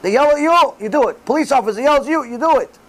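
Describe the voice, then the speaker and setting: A middle-aged man giving a religious class in sermon style, animated and acting out the voices he quotes. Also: extremely high pitch, fast talker, rough recording. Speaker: rabbi giving a Torah class.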